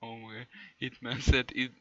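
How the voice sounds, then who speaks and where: A man streaming, reading fan fiction aloud in a deadpan way and often breaking into laughter. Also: medium pitch, normal speed, muffled recording.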